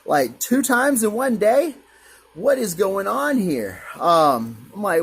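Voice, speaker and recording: Guy with a high voice rambling earnestly about something that happened to him, repeats himself a lot. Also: expressive, a little slow, vocal fry, breathy edge. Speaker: vlogger. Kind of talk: emotional personal testimony.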